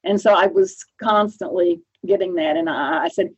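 A woman guest telling an animated, enthusiastic story with many fillers and restarts. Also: lowish voice, normal speed, hardly any pauses, husky, muffled recording. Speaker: interviewed guest, science advisor. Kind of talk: recorded remote interview anecdote.

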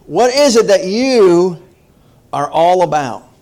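Taking his time, a middle-aged male pastor from the northern US delivers a conversational sermon in a high, expressive voice with a darkish tone. He speaks emphatically, often turning to the congregation with direct questions.

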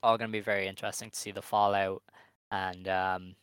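A man co-hosting a wrestling podcast, speculating in a relaxed way with lots of ums and hedges. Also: low voice, a little fast, clean tone, no echo. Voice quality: hesitant, hedging, many fillers. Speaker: podcast co-host. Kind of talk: casual chat.

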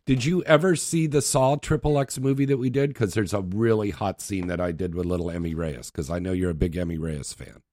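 A man's voice: low-pitched, brisk, hardly any pauses, a little mellow, dry recording. Brash male talk radio host, joking and chatty, dry close studio sound, plays it loose.

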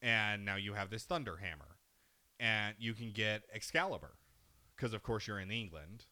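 A man in casual podcast chat, telling a video game story in an animated way, swearing freely and acting out the characters. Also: on the low side, normal speed. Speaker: podcast co-host.

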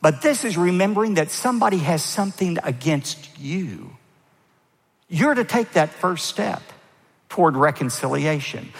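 A man preaching a sermon as pastor, stressing key words with rising pitch and letting phrase ends fall low. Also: animated, a little slow, vocal fry. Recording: long hall reverb.

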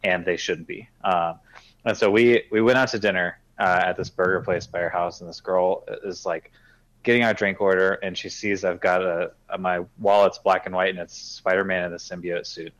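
Man, low voice, young adult, casual podcast chat, rambling storyteller. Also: steady tone, normal speed, fairly bright tone, poor audio. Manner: rambling anecdotal storytelling with lots of fillers and laughs. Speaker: podcast co-host.

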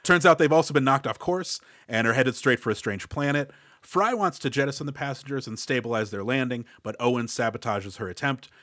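A man's voice: medium pitch, brisk, hardly any pauses, a bit bright, no room sound. A man co-hosting a film podcast who recaps the story and builds out his theories about the movie. His voice is close and dry, with no room sound at all. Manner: summarizes plots, explains his theories. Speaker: podcast co-host. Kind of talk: casual movie discussion.

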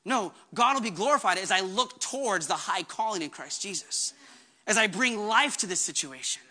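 High, bright-voiced impassioned male pastor. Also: expressive. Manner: earnest, impassioned preaching with quick asides. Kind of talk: sermon.

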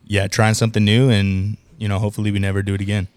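A man hosting a casual sports podcast, upbeat and chatty, quick to laugh, talking over a remote call microphone. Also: on the low side, level tone, clear, resonant tone, no echo. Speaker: podcast host.

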